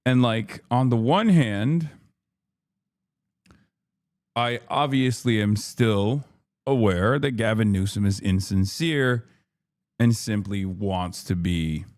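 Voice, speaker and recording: A man's voice: lowish voice, slow pace, pauses often, a little mellow. Frustrated man ranting on a stream. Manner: frustrated, profane, emphatic. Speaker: livestream host. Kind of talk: ranting political commentary.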